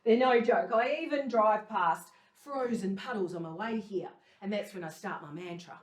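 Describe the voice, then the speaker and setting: A middle-aged woman does a chatty, self-deprecating stand-up set on a live stage, often laughing at her own jokes. Her medium-pitched voice moves at a moderate pace with hardly any pauses, recorded roomy and from a distance.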